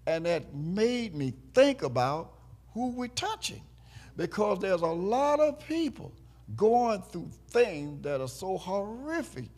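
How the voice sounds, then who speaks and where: A man pastor preaching a sermon, telling a story softly and then stressing his words in drawn-out phrases. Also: high-pitched, very animated. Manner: slow, drawn-out preaching with quiet storytelling stretches. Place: church.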